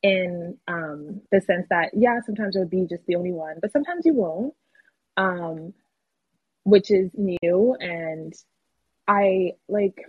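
A woman's voice: fairly low pitch, slow pace, slightly rough, no room sound. A woman actor talking candidly in a casual podcast interview, using slang and laughing often. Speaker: actor guest. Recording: phone-like call audio.

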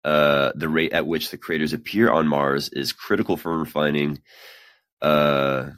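A man's voice: a bass voice, level tone, a little slow, fairly bright tone, dry recording. A man hosting a podcast, reading science news aloud and breaking off into casual, swearing, self-deprecating asides. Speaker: podcast host.

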